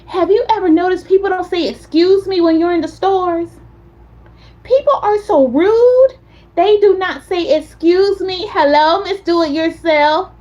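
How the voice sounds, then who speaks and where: A woman hosting a casual chat stream, telling animated stories and talking straight to her viewers. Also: very high-pitched, measured pace, lo-fi sound. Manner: chatty, animated storyteller, talks straight to viewers. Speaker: content creator host.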